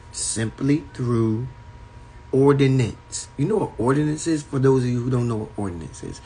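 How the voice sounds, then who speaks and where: A man's voice: medium pitch, animated, a little fast, mellow, slight background noise, low-quality recording. A man giving a spiritual talk on a livestream from a home, in an emphatic, repetitive preaching cadence. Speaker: spiritual teacher. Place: at home indoors.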